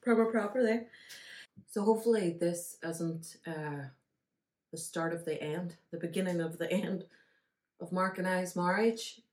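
A woman's voice: on the low side, a little slow. Teasing Derry woman, echoey kitchen. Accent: Northern Irish, Derry. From Northern Ireland. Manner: chatty, laughs often, teasing. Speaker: podcast co-host. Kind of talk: casual chat with her husband. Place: home kitchen.

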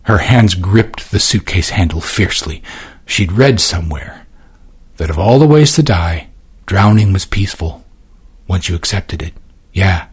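A male audiobook narrator with a low, husky voice that has a breathy texture. His delivery swings widely in pitch, slowing and dropping for dramatic effect as he reads the scene. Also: lively intonation. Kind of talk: scripted narration.

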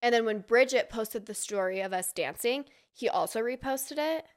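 Podcast guest: a woman from Utah with a slightly high voice, telling gossip in casual chat and playing out every quoted line. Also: normal speed.

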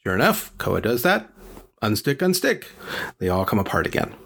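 A man's voice: on the low side, wildly swooping pitch, fast talker, gravelly, a bit bright, breathy edge. Chatty man telling a folk tale. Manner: chatty, joking, lots of fillers. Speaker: storyteller. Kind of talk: casual storytelling.

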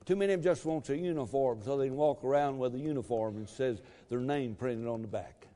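A man preaching a sermon to his church, emphatic, calling for amens and shouting at the peaks. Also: medium pitch, fairly quick. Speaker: pastor. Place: church sanctuary. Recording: long reverb of a church hall.

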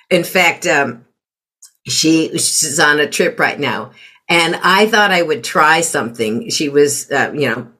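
A middle-aged woman speaks in a somewhat low voice, talking through parenting advice in a relaxed interview. She is reflective and often slips into other voices to act out remarks she quotes. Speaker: parenting guest. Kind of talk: conversational interview.

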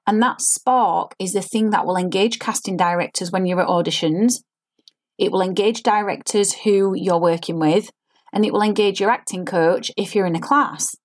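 A woman's voice: medium pitch, normal speed. A woman, an acting coach giving an earnest, explanatory spoken lesson and demonstrating line readings.

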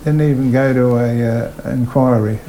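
A man's voice: mid-range voice, moderate pace, slight background noise, rough recording. An older Australian man, a retired train driver, telling stories in an oral history interview and voicing the people in them. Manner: animated yarn-spinner, voices people in his stories.

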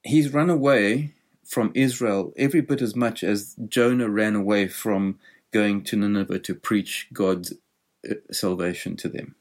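Guy with a lowish voice giving a sermon, thoughtful, walking through scripture. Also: measured pace, a little mellow. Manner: thoughtful, explanatory preaching. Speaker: preacher.

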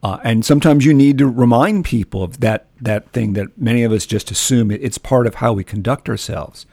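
A man's voice: mid-range voice, brisk, creaky, a little mellow, no room sound. A man hosting a podcast, musing thoughtfully on what his guest has said. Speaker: podcast host. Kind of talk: reflective interview comment.

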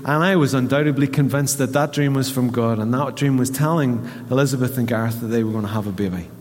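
A man with a Northern Irish accent, a pastor preaching a sermon and telling a story while acting out the voices in it. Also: on the high side. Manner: storytelling, animated quoting of voices. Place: church hall. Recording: reverberant church hall.

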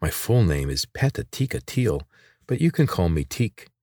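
A man voicing a sharp-tongued teenage girl inventor in a read-aloud story, blunt and sarcastic. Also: sits low, very animated, normal speed, gravelly, no echo, clean studio sound, full character voice. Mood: guarded, bitter.

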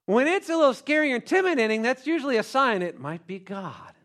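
A male pastor preaching a sermon, animated and joking, calling out to the congregation. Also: very high-pitched, a little fast.

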